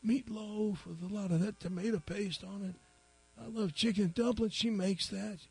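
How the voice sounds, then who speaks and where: A man's voice: sits high, steady tone, creaky, husky, voice pushed up, full character voice. A man voicing a very old, tearful man who rambles and stammers. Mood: boasting tearfully. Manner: halting, stammering, boastful.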